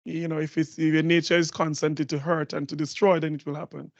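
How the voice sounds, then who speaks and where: A man's voice: on the high side, flat delivery, fast talker, vocal fry, dry recording, muffled recording. A man moderating a conference panel, reflective and asking follow-up questions. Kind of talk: panel discussion.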